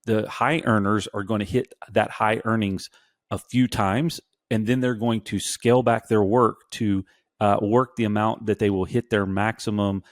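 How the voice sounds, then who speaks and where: A man on a business podcast explaining his view in a measured, halting way, often restarting his sentences. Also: fairly low pitch, fairly even intonation, no echo, clean studio sound. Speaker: podcast co-host. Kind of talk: casual business chat.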